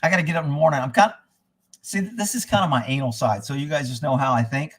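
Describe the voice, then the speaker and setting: Male livestream host, slightly raised pitch, swears freely, rambles from one topic to the next. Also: quick pace, husky. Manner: profane, rambling, blunt. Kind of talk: casual rambling livestream talk. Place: indoors at a rural home.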